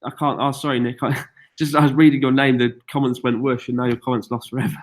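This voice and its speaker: A British man leads a relaxed live chat from a log cabin up a mountain. He reads out viewers' questions and answers them in a chatty, self-mocking way, with an easy, mid-pitched voice. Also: fast. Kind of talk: casual live-stream chat.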